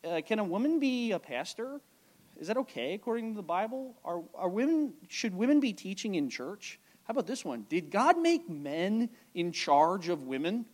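Male pastor, high and animated, chatty sermon delivery with frequent check-ins. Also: normal speed.

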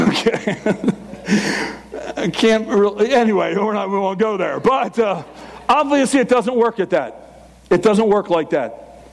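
A man in his sixties preaching a sermon, fast and emphatic, with teasing humor. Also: sits high, lively intonation, creaky, a little hiss or hum. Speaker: pastor.

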